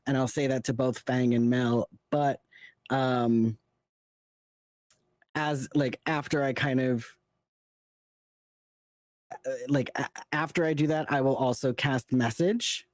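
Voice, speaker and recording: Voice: mid-range voice, steady tone, slow, pauses often, a little mellow, no room sound. A tabletop role-playing game player describing their character's actions, hesitant and full of fillers.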